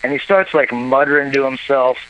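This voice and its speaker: A man telling a long comic story on a talk show, animated and profane, acting out what others said. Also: medium pitch, a little fast, highs cut off, slight background noise. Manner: animated, profane, acts out quoted voices. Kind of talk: casual storytelling.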